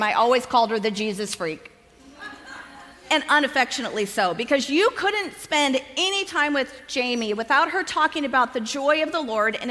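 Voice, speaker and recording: A woman in her fifties tells her personal testimony to a conference crowd, bringing the story to life by acting out what everyone said. Her voice is bright and a little high. It rings with the long reverb of a large hall. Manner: lively storyteller who acts out quoted dialogue, often laughing. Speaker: conference speaker.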